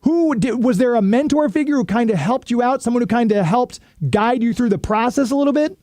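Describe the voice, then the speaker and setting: A man's voice: very high-pitched, fairly quick, dark tone, no echo. A man hosting a radio interview show, asking questions in a conversational, easygoing way.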